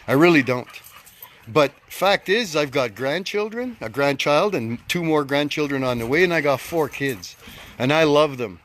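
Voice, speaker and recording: A man's voice: fairly high pitch, animated, moderate pace, fairly bright tone. A man in his fifties, angry, giving a blunt and emphatic rant to his followers and repeating his key points. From Canada. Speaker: group leader addressing followers. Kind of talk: self-recorded social media rant.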